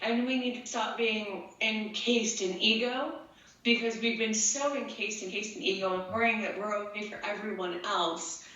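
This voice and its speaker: A woman's voice: mid-range voice, steady tone, normal speed, bright, forceful tone. An earnest woman who rambles as she explains herself to an interviewer. Her voice sounds far from the mic in a very echoey space. The sound is dull and lo-fi. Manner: earnest, rambling, gets emotional. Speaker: guest, empath and tattoo artist. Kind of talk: casual interview talk.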